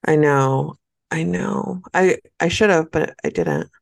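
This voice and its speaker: A woman's voice: sits low, slow pace, gravelly, no echo, studio quality. A woman from California co-hosting a casual podcast chat, candid and dramatic in her stories, laughing often. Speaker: podcast co-host.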